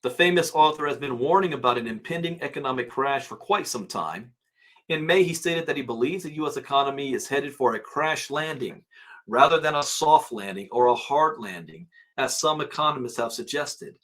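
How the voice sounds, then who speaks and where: A man hosting a crypto channel, casually reading out prices and headlines and musing aloud with quick asides. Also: medium pitch, a bit bright.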